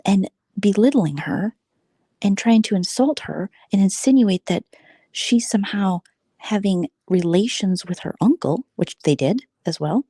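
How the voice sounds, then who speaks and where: A woman's voice: mid-range voice, lively intonation, measured pace, dark tone, breathy edge, no echo. A woman vlogger in a casual late-night chat, rambling and gossipy, who keeps dropping into a whisper. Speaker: vlogger host.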